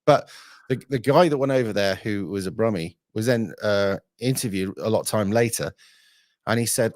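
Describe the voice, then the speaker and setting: Blunt, sweary man, lowish voice. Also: normal speed, no echo, studio quality. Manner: blunt, sweary, rambling with fillers. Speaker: livestream host. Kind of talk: casual livestream chat.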